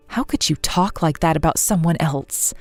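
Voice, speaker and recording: A woman's voice: low voice, a little slow, no echo, faint music behind, voice pushed down. A woman voicing a grieving young wife in a text-message story, speaking earnestly, pleading and upset. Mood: hurt.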